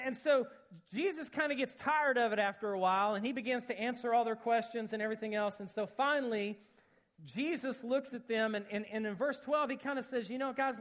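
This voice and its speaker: High-voiced animated man preaching. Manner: animated, jokey, acts out quotes, shifts to low earnest tone. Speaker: pastor. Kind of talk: sermon storytelling.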